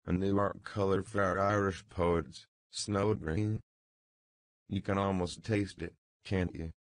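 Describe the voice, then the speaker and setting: A man reading the lines of a jaunty, mocking young man who teases brightly, in a low, slow, gravelly voice. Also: steady tone, no echo. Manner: brisk, gay, teasing.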